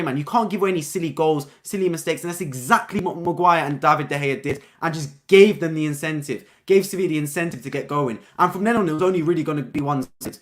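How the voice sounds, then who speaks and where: A young man hosting a live-stream football review, talking casually and excitedly, repeating his points and ending lines with "man". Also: on the high side, fast talker.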